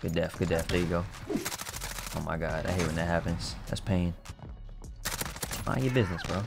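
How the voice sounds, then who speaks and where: A man commentating his own online shooter matches in casual slang, excitable, trash-talking other players and bursting into shouts. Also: low-pitched, normal speed, creaky, heavy background noise. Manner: casual slang-heavy banter. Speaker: gaming YouTuber. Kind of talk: live gameplay commentary.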